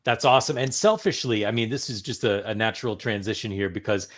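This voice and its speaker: A man's voice: lowish voice, fast talker. A male podcast host who asks long, rambling questions with a lot of enthusiasm. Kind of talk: casual interview chat.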